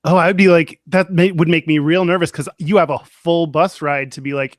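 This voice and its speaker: A man chiming in during a casual chat, animated and quick to react. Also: on the high side, no room sound, clean studio sound.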